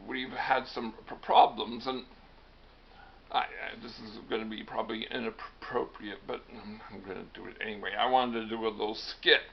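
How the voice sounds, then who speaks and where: A man's voice: lowish voice, fairly even intonation, moderate pace, vocal fry, slight background noise. A man hosting a rambling comedic monologue, full of wry self-deprecating asides. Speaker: host. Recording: dull lo-fi recording.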